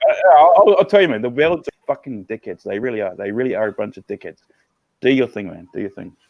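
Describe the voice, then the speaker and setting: A man's voice: mid-range voice, lively intonation, fast, creaky, dry recording, dull audio. Rambling, sweary Australian man. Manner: teasing, rambling, repeats himself, swears a lot. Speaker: co-streamer. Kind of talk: casual livestream banter.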